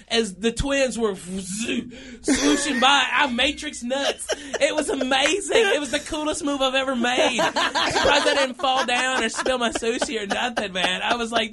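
A man in his thirties telling a funny story in a casual chat, animated and laughing through his lines, often saying okay and all right. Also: extremely high pitch.

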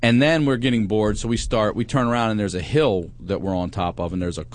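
A man's voice: lowish voice, fairly quick, a little hiss or hum. A man telling a childhood story in casual chat, swearing freely and breaking into laughter. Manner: profane, animated storytelling with bursts of laughter.

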